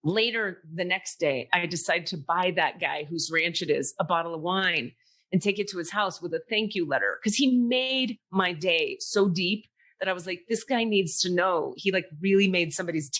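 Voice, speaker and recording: A podcast host tells a story in easy, casual chat. She is a woman who gets animated and curses freely. She slips into quick voices for everyone she quotes. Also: lowish voice.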